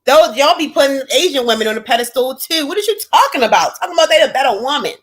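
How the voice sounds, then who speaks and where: A woman, hosting a livestream and ranting bluntly and profanely to her chat, swinging between loud and low. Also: animated, quick pace. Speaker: livestream host. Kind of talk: casual livestream rant.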